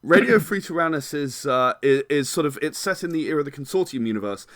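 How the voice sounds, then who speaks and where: A man's voice: a little high, lively intonation, fast, a bit bright, dry recording. Rambling man with a dry close sound. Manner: rambling, hedges with many "sort of"s and restarts. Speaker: game designer guest. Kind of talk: casual podcast chat.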